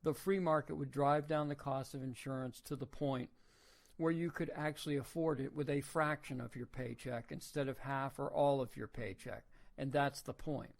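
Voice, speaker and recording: A man's voice: medium pitch, gravelly. A man hosts a casual opinion podcast in an ordinary middle-range voice. He talks informally, poses rhetorical questions to his listeners, and often stops and restarts his sentences. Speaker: podcast host.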